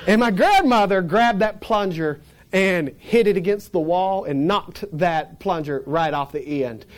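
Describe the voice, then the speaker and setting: A man tells a story from his own life, full of energy and quick laughter, slipping into the voices of the people in it. His voice sits a little higher than most men's. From Florida panhandle, USA. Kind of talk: personal storytelling.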